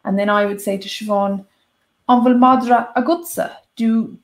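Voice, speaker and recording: A woman's voice: mid-range voice, moderate pace. A woman co-hosting a live-stream language Q&A, patiently explaining grammar step by step with examples. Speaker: co-host and Irish language teacher. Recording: echoey room.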